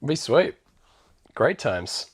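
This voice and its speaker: A relaxed man co-hosts a podcast, retelling a film's plot in loose, slangy chat. His voice rises and falls a lot, and he laughs easily as he talks. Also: medium pitch, takes it slowly, breathy edge. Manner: laid-back, slangy, laughs often. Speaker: podcast co-host. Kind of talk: casual chat recapping a film.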